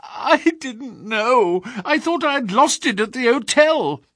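Nervous young suspect, husky, wide pitch swings; male audiobook narrator doing the voice. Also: lively intonation, slow pace, fairly bright tone, no echo, clean studio sound, exaggerated voice. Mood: panicked. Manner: hesitant, pleading confession. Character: frightened young man caught as a suspect. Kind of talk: audiobook character voice.

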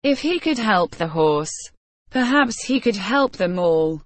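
A woman reading a story aloud as narrator, telling it slowly and evenly, with light voices for the characters. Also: medium pitch, no room sound. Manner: slow, even storytelling with small character voices. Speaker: audiobook narrator. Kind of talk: scripted narration.

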